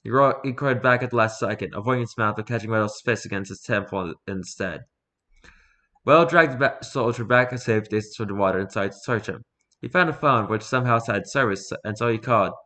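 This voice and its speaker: A man's voice: on the low side, fairly quick, pushed and bright. A man reading his own fiction aloud in a casual way, with restarts and asides. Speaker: storyteller.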